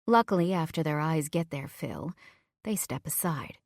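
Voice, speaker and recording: A woman reading a first-person audiobook in a measured, low-key way. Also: animated, creaky, dry recording, studio quality. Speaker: audiobook narrator.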